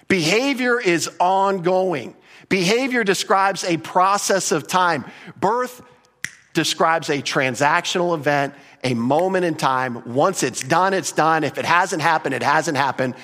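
A man's voice: fairly high pitch, a bit bright. A man preaching a sermon in an emphatic, conversational way, repeating key points and adding casual asides. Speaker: pastor.

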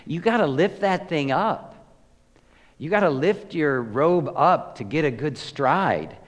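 A pastor preaching a sermon, telling the story with emphasis and swinging between loud and hushed delivery. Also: male voice, fairly high pitch, lively intonation, slow. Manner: emphatic storytelling, rises and drops in volume. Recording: echoey hall with long reverb.

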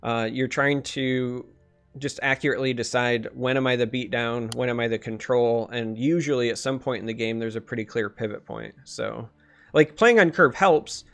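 A man's voice: medium pitch, normal speed, vocal fry, a bit bright. A man hosting a live-streamed podcast, talking casually about strategy and thanking chat, thinking aloud with many restarts.

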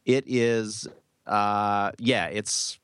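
A man co-hosting a podcast from work, talking in halting starts and repeating words. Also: on the low side, steady tone, a bit bright, clear, resonant tone. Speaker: podcast co-host. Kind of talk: casual chat. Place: workplace.

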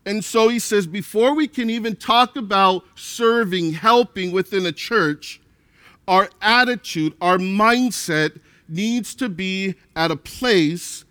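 A man's voice: sits high, slow, pushed and bright, smooth, no room sound. A male pastor preaching a sermon, repeating key words for emphasis and acting out quotes of a proud churchgoer. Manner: acts out quotes of an arrogant churchgoer.

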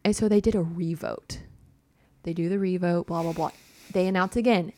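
A woman's voice: fairly low pitch, fairly even intonation, moderate pace, warm tone. A young woman telling a personal story in casual chat, full of "like" and little laughs. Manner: chatty, heavy use of "like", laughs often.

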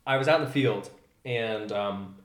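A young man tells a story in a casual, animated way. He leans on fillers and lets his sentences sink to a murmur. The room around him is echoey. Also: fairly low pitch, moderate pace. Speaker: podcast guest.

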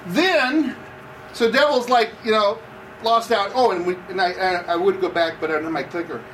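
A man's voice: high voice, normal speed, a bit bright, distant mic, slight background noise, poor audio. A man preaching a conversational sermon, asking the audience questions as he goes. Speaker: campus pastor. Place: room with seated audience.

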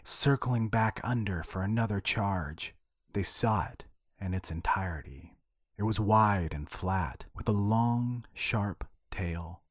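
Low, husky male narrator, hushed. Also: no room sound, studio quality. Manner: hushed, breathy. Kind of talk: audio fiction narration.

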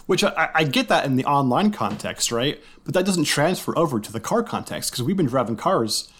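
A man's voice: on the high side, big pitch swings, brisk, fairly bright tone, husky. A man co-hosting a podcast, musing aloud in casual chat, hesitant, with many fillers and tag questions. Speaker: podcast co-host.

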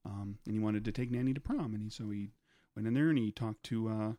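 A man co-hosting a podcast, telling stories in casual comedic chat, rambling with many halting restarts. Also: on the low side, warm tone, no room sound. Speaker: podcast co-host.

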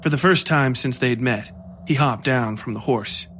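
A man reading a horror story aloud as its storyteller, in a measured, steady way. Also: mid-range voice, faint music behind. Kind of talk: scripted horror narration.

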